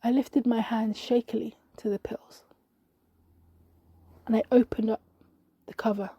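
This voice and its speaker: Breathy woman narrating a dramatic monologue. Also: a little high, level tone, dark tone, dry recording, lo-fi sound. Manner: slow, intimate, often dropping to a whisper. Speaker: podcast narrator.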